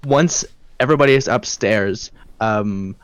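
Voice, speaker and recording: A man's voice: fairly low pitch, measured pace, smooth, no room sound. Man, tabletop player, casual talk, dry recording.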